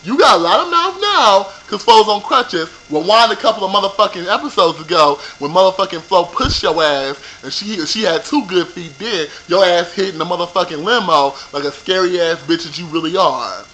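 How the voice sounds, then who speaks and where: A man recapping a reality TV episode for his viewers in a profane, animated rant, talking straight to them. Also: high voice, moderate pace, few pauses, low-quality recording. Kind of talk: ranting show recap.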